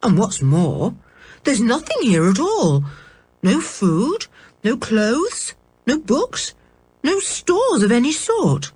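A woman's voice: fairly high pitch, huge pitch swings, slow pace, darkish tone, husky, pitched above the performer's own voice, heavily acted. A woman reading a storybook, voicing a cheerful, sensible older boy. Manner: cheerful and reasonable.

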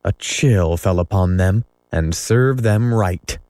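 A man reading a children's story aloud as narrator, in measured storytelling. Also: deep voice, a little mellow, no room sound. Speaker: audiobook narrator. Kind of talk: scripted narration.

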